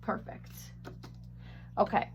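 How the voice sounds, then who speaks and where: A woman teaching a phonics lesson, sounding out words slowly and carefully on a webcam microphone. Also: muffled recording, a little hiss or hum.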